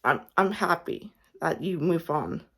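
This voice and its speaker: A young woman speaks a heartfelt goodbye straight to the camera, her voice sitting a little low. She is close to tears, sighing often and stumbling through restarts as she tries to get the words out. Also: lively intonation, fairly bright tone, husky. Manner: halting, tearful, many restarts and sighs. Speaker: fan vlogger. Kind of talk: emotional farewell message to camera.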